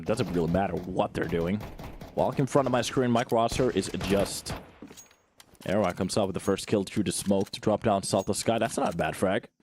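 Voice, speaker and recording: A man's voice: on the low side, a little mellow, slight background noise. Man casting a live match. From Finland. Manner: chatty, jokey, talks to viewers between calls. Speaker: esports commentator. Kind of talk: live game commentary.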